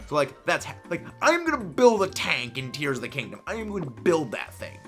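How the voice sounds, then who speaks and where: Excitable bright-voiced young man streaming. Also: on the high side, brisk, faint music behind. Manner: excitable, rambling, enthusiastic. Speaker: livestream host. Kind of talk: casual livestream chat, reading chat messages.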